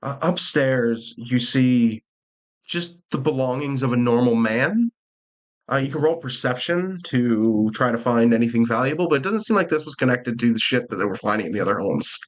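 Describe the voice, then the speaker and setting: A man's voice: mid-range voice, animated, moderate pace. Casual man running a tabletop game. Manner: casual, swearing, often laughs. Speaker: game master.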